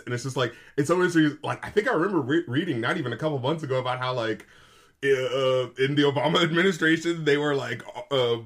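A man's voice: mid-range voice, fast. A man co-hosting a casual podcast chat, rambling animatedly and laughing a lot. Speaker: podcast co-host.

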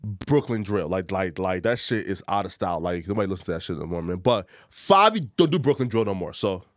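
A man hosting a casual chat, animated and full of filler words. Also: low-pitched, brisk, no room sound, clean studio sound. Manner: animated, lots of filler words, playful put-on accents. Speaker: podcast host.

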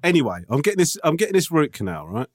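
A man, a podcast co-host, telling an anecdote in casual chat, animated and swearing, checking in with "right?". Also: fairly high pitch, fast talker, no room sound, studio quality.

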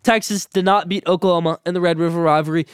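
Fast-talking, high-voiced male sports podcaster. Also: steady tone, smooth, no room sound, clean studio sound. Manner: blunt, opinionated rapid-fire picks. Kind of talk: solo sports podcast commentary.

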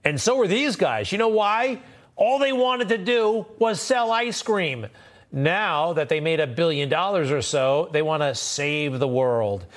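A man's voice: on the high side, expressive, a little slow. A man hosting a cable news show, talking in a sarcastic, indignant and conversational way. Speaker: TV news host. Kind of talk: opinionated cable news commentary.

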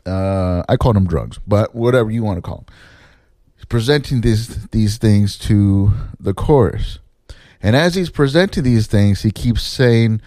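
A man casually telling a story about his theater days, swearing and jumping up in pitch to mimic people. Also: measured pace, dry recording, studio quality. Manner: animated, swears, mimics others in pitched-up quotes. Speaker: former assistant stage manager telling a story.

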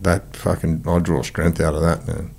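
A man's voice: sits low, flat delivery, moderate pace, creaky, a little mellow, husky. A man hosting a podcast, asking questions in a casual, encouraging way. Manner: encouraging, casual, swears freely. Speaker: podcast host. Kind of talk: casual interview chat.

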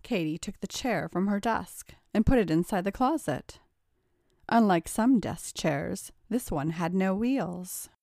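A woman narrates a story in a steady, even-toned way. Her voice sits at a middle pitch, and the recording is dry and close, with no room sound. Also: unhurried, no room sound. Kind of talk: storybook reading.

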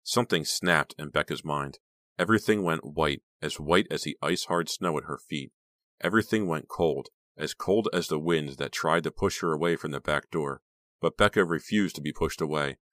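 A man narrating a horror audiobook in a steady, dramatic reading. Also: rumbling low, normal speed, dry recording.

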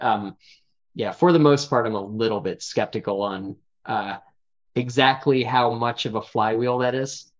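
Male founder guest, measured and explanatory, mid pitch, slightly muffled remote audio. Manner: thoughtful, explanatory, frequent fillers. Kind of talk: casual interview chat.

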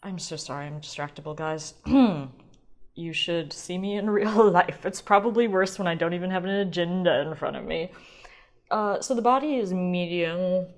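A woman's voice: fairly low pitch, normal speed. A woman hosting a wine podcast alone at home, talking in a chatty, rambling, self-deprecating way, swearing now and then as she gushes. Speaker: podcast host. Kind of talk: casual solo wine podcast chat. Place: home kitchen.

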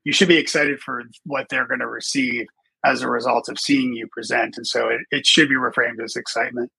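Husky, bright-toned man explaining. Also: mid-range voice, brisk, no echo, rough recording. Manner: relaxed, many ums and uhs, explanatory. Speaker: podcast guest, presentation trainer. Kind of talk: casual podcast conversation.

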